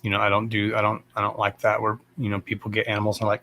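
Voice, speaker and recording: A man's voice: on the low side, completely flat delivery, fast, hardly any pauses, pushed and bright. A man hosting a livestream, talking in a blunt, rambling way and swearing freely. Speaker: psychic medium livestream host. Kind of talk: casual rambling live chat.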